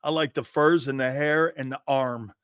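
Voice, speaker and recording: A man's voice: medium pitch, fairly even intonation, moderate pace, a bit bright, clear, resonant tone, dry recording, clean studio sound. A man hosting a sports talk show, agreeable and upbeat, cheering on his co-host. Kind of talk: casual sports talk chat.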